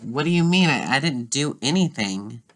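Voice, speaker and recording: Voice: medium pitch, animated, normal speed, fairly bright tone, lightly acted. A performer voicing a hurt, defensive teenage daughter in a doll drama, pleading and arguing back.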